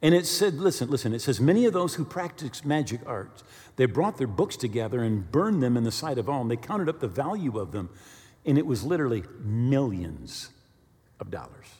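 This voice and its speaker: A male pastor preaching a sermon, telling stories with animated bursts of quick speech. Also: medium pitch, big-room sound. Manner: animated storyteller, speeds up when excited.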